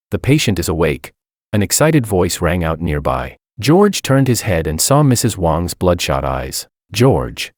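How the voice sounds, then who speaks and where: Expressive male storyteller, deep voice, dry recording. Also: dry recording. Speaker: narrator. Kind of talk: scripted story narration.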